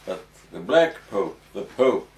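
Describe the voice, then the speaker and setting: Slow, halting man in an echoey room. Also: on the low side, expressive. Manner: slow and hesitant, many ums and restarts. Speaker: interviewee. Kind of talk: halting explanatory interview answers. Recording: echoey room, distant mic, faint noise.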